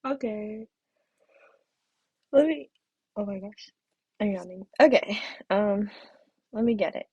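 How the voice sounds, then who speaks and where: A woman's voice: medium pitch, unhurried, long pauses, darkish tone, husky, dry recording. A young woman chatting casually on her live stream, giggly, with a throat that feels off and the odd whispered aside. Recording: dull, muffled stream audio.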